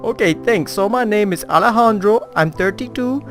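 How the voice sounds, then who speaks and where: A man voicing a friendly young male resort manager in a high, eager voice. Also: normal speed, fairly bright tone, soft background music.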